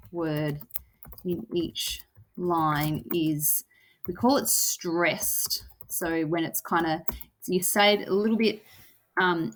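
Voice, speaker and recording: A woman teacher walking through a lesson, thinking aloud with lots of "kinda" and "um". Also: fairly low pitch. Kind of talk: recorded lesson walkthrough.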